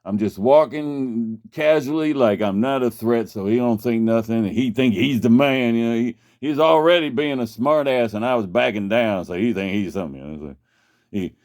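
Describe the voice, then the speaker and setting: A man's voice: mid-range voice, moderate pace, hardly any pauses, a little mellow. A man casually telling a long personal story, rambling and profane, with many restarts. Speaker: vlogger.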